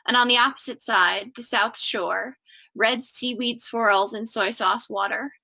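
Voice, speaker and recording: A young woman with a Long Island accent, reading her own lyrical prose aloud to an audience in a measured way. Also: a little high, steady tone, creaky, sharp tone. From Long Island, New York. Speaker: graduate writing student.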